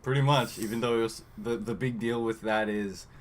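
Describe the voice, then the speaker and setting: A man's voice: on the low side, steady tone, normal speed, slight background noise. A man co-hosting a podcast, recapping a movie in casual chat and reading from his notes with lots of fillers. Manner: rambling, trails off with fillers, reads from notes. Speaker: podcast co-host.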